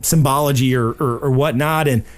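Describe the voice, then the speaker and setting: A man's voice: medium pitch, fairly even intonation, moderate pace. A man co-hosting a podcast, telling a loose story in casual chat with plenty of fillers and restarts. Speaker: podcast co-host.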